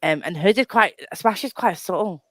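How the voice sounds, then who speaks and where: A woman's voice: mid-range voice, normal speed, no room sound. A woman chatting casually about a book on a live show, rambling with many restarts and self-deprecating laughs. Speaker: book club co-host.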